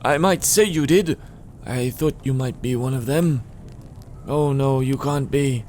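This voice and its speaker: A man's voice: medium pitch, a little slow, a little mellow, a little hiss or hum, voice pushed up, lightly acted. A man voicing an absent-minded old male scientist who mumbles, meanders and slips into a bad Irish lilt. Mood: startled rambling. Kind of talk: let's play dialogue reading.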